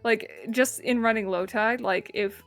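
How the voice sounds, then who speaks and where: A woman's voice: fairly high pitch, steady tone, measured pace, faint music behind. A woman casting a live game tournament in a chatty, teasing manner. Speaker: esports commentator.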